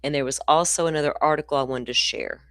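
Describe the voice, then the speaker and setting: A woman's voice: deep voice, quick pace, a bit bright, no echo, studio quality. A middle-aged woman, hosting a casual true crime livestream in a rambling, profane, ranty way.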